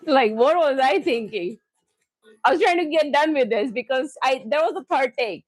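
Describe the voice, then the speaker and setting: A woman hosting a live cooking stream from her home kitchen, excitable and loud, often laughing at herself as she chats with viewers. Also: high-pitched, normal speed, no echo.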